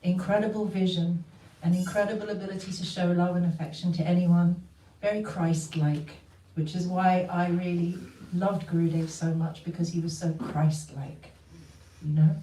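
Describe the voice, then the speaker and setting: A woman from the West shares a personal memory with a group as casual spoken testimony, acting out the voices of people she quotes. Her lowish, warm voice is flat in delivery at normal speed, picked up by a distant mic in a roomy space with faint ambience and slight background noise.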